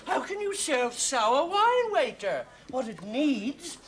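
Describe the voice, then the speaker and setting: A man's voice: very high-pitched, big pitch swings, slow pace, fairly bright tone, heavily acted. A man playing a pushy, know-it-all restaurant diner in a 1970s TV sketch, talking over people in an overbearing, clowning way. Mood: boastful. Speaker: comic sketch performer. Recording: TV studio with audience laughter.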